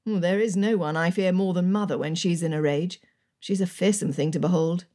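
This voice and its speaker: A woman's voice: fairly low pitch, moderate pace, mellow, lightly acted. A woman voicing a jovial, loyal Regency army colonel in an audiobook, joking and firm by turns. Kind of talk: audiobook character reading.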